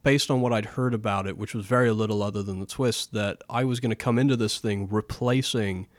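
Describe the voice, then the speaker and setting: A man co-hosting a casual film discussion, blunt and animated, swearing often. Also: on the low side, fairly quick, no room sound, clean studio sound. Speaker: podcast co-host.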